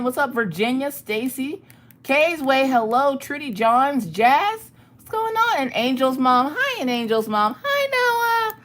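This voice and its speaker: A woman's voice: a little high, a bit bright. A woman hosting a casual livestream, greeting viewers by name and chatting loosely. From United States. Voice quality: ticklish cough in throat. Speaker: livestream host. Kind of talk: casual live-stream chat.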